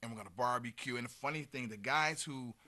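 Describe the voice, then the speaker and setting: A man in his fifties talks as a guest on a local show, warmly earnest and a little rambling, trailing off into fillers. His voice is bright and clear in tone. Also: mid-range voice, quick pace. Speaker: community guest. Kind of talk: casual chat.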